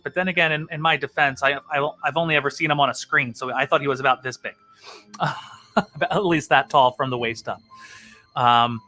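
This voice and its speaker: A man's voice: medium pitch, bright, forceful tone. A man hosting a comedy stream, chatting casually to camera in a rambling, self-mocking way and laughing often.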